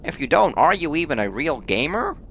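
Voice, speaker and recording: Man doing a scrawny nerd voice, nasal, smug, slow, slightly higher. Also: sing-song, fairly bright tone, full character voice. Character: scrawny smug nerdy young man gamer.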